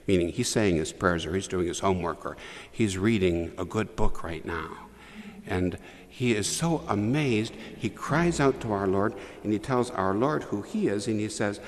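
A man preaching a homily to children in a church, telling the story with lively asides to the young listeners. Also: on the low side, moderate pace, big-room sound. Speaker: priest.

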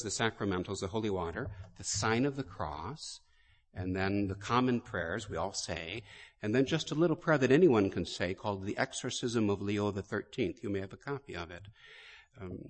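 A priest delivers a sermon slowly and deliberately, dwelling on each phrase. His voice is low. A long reverb from a large church trails every line. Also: husky. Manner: slow, deliberate storytelling.

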